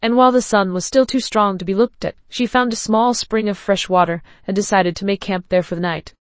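A woman's voice: medium pitch, steady tone, brisk, no echo. Woman narrator reading a story.

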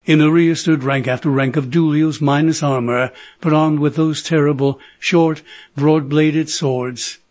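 A man narrating an adventure novel in a steady, measured reading. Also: a little high, dry recording. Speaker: audiobook narrator. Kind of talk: scripted narration.

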